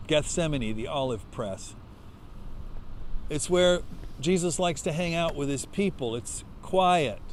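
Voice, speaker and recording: A male pastor preaching a sermon as conversational storytelling that breaks into loud impassioned outbursts. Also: on the high side, animated, takes it slowly, a little hiss or hum.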